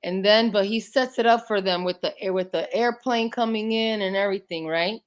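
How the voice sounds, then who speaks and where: A woman's voice: medium pitch, brisk. A woman chatting bluntly on a casual livestream call, sharing strong opinions and slipping in Spanish phrases. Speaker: livestream co-host.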